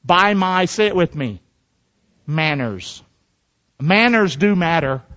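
A man's voice: sits high, lively intonation, slow pace, fairly bright tone, lo-fi sound. A middle-aged male pastor preaching a sermon in a call-and-response style, often asking the congregation "amen?".

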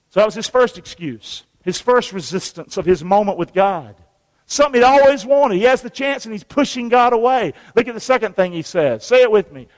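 A man's voice: high-pitched, expressive, a little fast. A man preaching a sermon, folksy and conversational, reading scripture aloud and calling on the congregation to repeat after him. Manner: call-and-response, folksy, reads scripture aloud. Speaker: pastor. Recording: long reverb of a large hall.

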